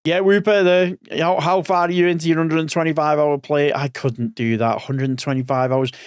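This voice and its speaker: A man's voice: a little high, fairly even intonation, normal speed, smooth, no echo, clean studio sound. A man in his forties giving casual gaming commentary as a streamer, rambling and thinking aloud, a bit sleepy. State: sleepy, yawning.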